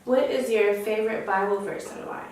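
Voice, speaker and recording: A young woman hosting an interview, asking questions in a relaxed, casual way. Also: medium pitch, brisk, slight background noise. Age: young adult. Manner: relaxed, frequent short affirmations. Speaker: interview host. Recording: echoey room, far from mic.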